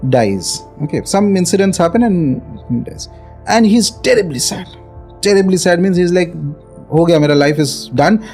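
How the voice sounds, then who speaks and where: Man telling a story, mellow voice. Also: fairly high pitch. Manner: conversational, many fillers, mixes in Hindi phrases. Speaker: podcast guest storyteller. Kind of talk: casual spoken storytelling.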